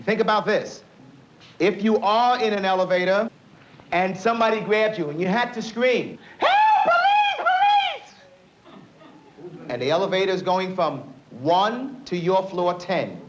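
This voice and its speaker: A middle-aged male police officer teaching a live self-defense class, energetic and coaxing, quizzing the group as he demonstrates. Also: high-pitched, moderate pace, background noise. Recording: dull lo-fi 1970s film sound.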